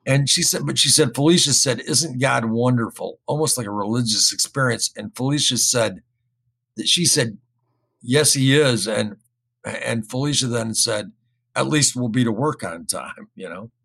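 A man telling a story in casual speech, rambling and repeating himself, getting animated when he quotes other people. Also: medium pitch, moderate pace, vocal fry, husky. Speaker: guest recounting an experience.

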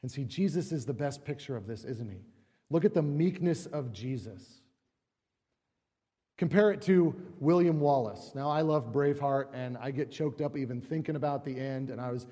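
Warm-toned preacher in a big echoing church. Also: male voice, medium pitch, normal speed. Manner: conversational, rhetorical questions, acts out quotes. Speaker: pastor. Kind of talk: sermon. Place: church sanctuary. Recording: long church reverb.

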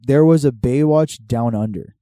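A man's voice: medium pitch, measured pace, warm tone, dry recording. A young man co-hosting a podcast in casual, laid-back chat, swearing freely and reading aloud from notes. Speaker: podcast co-host.

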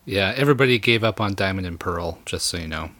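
A man's voice: deep voice, expressive, fast, bright, forceful tone, dry recording. A man as a podcast guest in casual chat, enthusiastic and detail-heavy, with crude asides.

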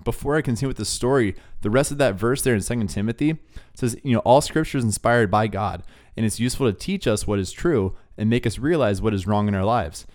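A young man telling a faith story in a relaxed, casual way, with lots of "dude" and "like" as he talks. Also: on the low side, fast talker. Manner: laid-back, says "dude" and "like" a lot. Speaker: podcast co-host.

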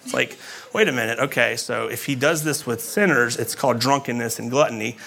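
A man's voice: mid-range voice, fairly quick, vocal fry, bright, forceful tone. A man giving a sermon as a pastor, explaining scripture in a conversational way with casual asides.

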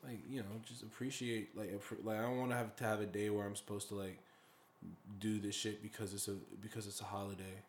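Chill young dude rambling on a podcast, low-ish voice, lots of likes and you knows. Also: male voice, flat delivery, fast, a little hiss or hum. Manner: laid-back, rambling, many fillers, casual swearing. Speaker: podcast co-host. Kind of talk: casual chat.

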